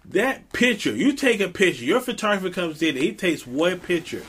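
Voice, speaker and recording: A man's voice: high-pitched, big pitch swings, normal speed, a bit bright, husky. A man on a podcast speaking casually, thinking aloud and checking in with his listeners. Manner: laid-back, thinking aloud, frequent "right?" tags. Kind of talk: casual conversational commentary.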